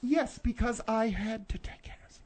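A woman's voice: on the high side, normal speed, a little mellow. A woman in comic banter, theatrical and mock-indignant.

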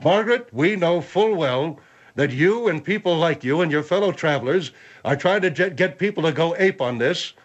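Male panelist, husky and a touch high, blustery, lo-fi sound. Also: expressive, normal speed. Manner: blustering, fumbling for words. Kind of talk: comedic talk, blustering.

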